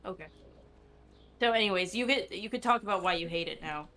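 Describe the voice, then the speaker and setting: A young woman chatting casually while playing an online game with a friend, talking in a lively way and acting out short quotes as she tells a story. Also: mid-range voice, a little fast, soft background music. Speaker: streamer's co-player. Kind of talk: casual chat while gaming.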